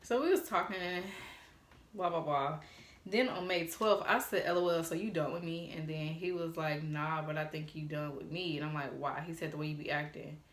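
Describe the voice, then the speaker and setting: A woman with a fairly low voice tells a casual storytime into her phone, swearing freely. She reads text messages aloud as she goes. The room gives her voice a noticeable echo. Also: normal speed. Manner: animated, quotes texts aloud, swears freely. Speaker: vlogger.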